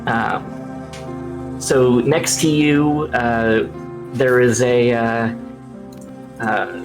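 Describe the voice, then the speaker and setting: A man narrating as game master over a video call, relaxed and full of fillers. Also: mid-range voice, very slow, over music. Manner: relaxed, many fillers and restarts.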